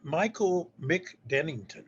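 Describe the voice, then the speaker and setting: A man's voice: fairly high pitch, lively intonation, a little slow, breathy edge, muffled recording. A man presenting poems at a poetry society meeting indoors, earnest, often repeating phrases as he starts them. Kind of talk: casual event presentation.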